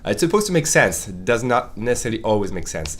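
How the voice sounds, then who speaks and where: Lively man teaching. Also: fairly low pitch, quick pace. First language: French. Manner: wry, opinionated, lively asides. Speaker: French teacher. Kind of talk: online language lesson.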